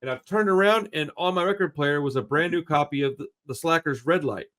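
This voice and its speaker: A man hosting a casual podcast chat, excitable and profane, saying dude and bro constantly. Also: on the high side, a little fast. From Houston area. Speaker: podcast host.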